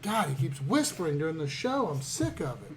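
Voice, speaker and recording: A man's voice: fairly high pitch, big pitch swings, brisk. A man co-hosting a podcast in casual chat, full of crude, teasing banter. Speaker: podcast co-host. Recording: noisy background.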